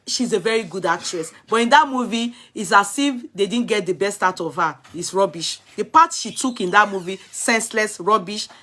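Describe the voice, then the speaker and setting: A woman's voice: medium pitch, normal speed, hardly any pauses, fairly bright tone. A woman with a Yoruba-inflected Nigerian accent, chatting casually on a live stream and answering viewers' comments bluntly. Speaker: vlogger reviewing films.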